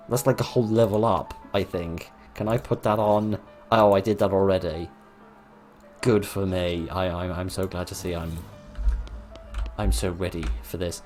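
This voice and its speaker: A man's voice: lowish voice, fairly even intonation, normal speed, a little mellow, soft background music. A man hosting a game playthrough, reading the text aloud with dry, sarcastic asides. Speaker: gaming video host. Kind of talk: let's-play commentary and reading game text.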